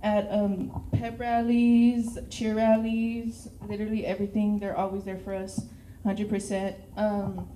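A woman's voice: medium pitch, little pitch movement, measured pace, few pauses, mellow, slight background noise. A teenage girl with a Texan accent, a cheer captain giving a nervous, tearful thank-you speech. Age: teens. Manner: nervous, tearful, laughing between words. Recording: echoey room.

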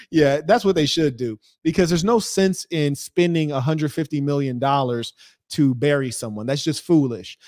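A man's voice: medium pitch, a little mellow, dry recording, clean studio sound. A man, hosting a podcast and giving blunt, profane, mocking commentary. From United States. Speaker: podcast host. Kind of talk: ranting commentary.

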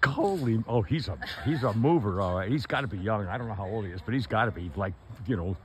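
A man's voice: lowish voice, lively intonation, fast talker. A man filming his horses outdoors by a paddock, chuckling as he comments, calling out to them and speaking their thoughts aloud in a casual way.

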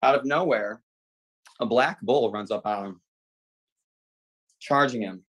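A man's voice: medium pitch, takes it slowly, fairly bright tone, a little hiss or hum, low-quality recording. A man speaking as a defendant over a video call, telling a long joke in a meandering, filler-heavy way. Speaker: defendant in a court hearing. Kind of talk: rambling joke storytelling.

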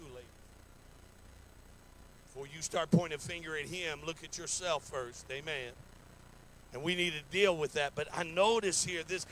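A man's voice: a little high, fairly bright tone, a little hiss or hum, rough recording. A man preaching a sermon in a folksy, repetitive way, acting out little stories in quoted voices. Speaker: pastor. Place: church sanctuary.

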